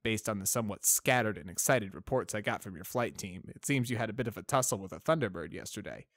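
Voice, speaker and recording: A man's voice: lowish voice, animated, fast talker, a bit bright, no room sound. A man voicing a male pony army doctor who speaks in a dry, formal, wry way.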